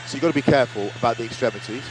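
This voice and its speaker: A man's voice: mid-range voice, very fast. A man giving a chatty, self-mocking running commentary while driving, as a car reviewer host. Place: inside a car and on a town street. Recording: loud car and traffic noise behind.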